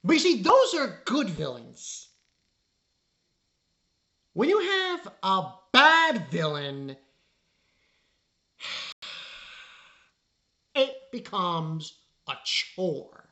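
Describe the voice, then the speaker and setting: A man reviewing an anime episode in a casual spoken style, exasperated and rambling, halting on fillers. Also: high-pitched, wildly swooping pitch, bright, forceful tone.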